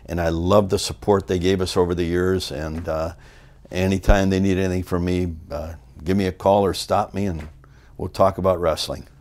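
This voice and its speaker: An older American man, a former wrestler, telling stories in a shoot interview and acting out the people in them. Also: normal speed. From United States. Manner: animated storyteller, acts out the people in his stories in loud high voices.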